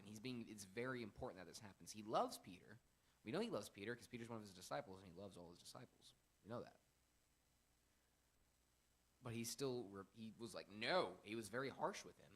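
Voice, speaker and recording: A young man hosting a casual Bible lesson, earnest and emphatic, with animated bursts when quoting. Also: lowish voice, husky. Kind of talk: casual Bible teaching chat.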